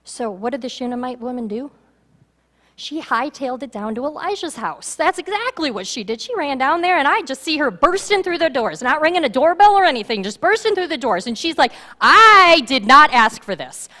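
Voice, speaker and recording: A woman pastor preaching a sermon in a church, animated and acting out the voices of a story. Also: high-pitched, a little fast. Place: church sanctuary. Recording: reverberant church hall.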